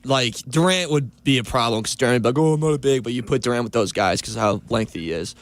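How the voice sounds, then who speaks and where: A man on a sports talk radio show, eagerly pitching and defending his own idea. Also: fast talker, dry recording. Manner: eager, enthusiastic pitching ideas.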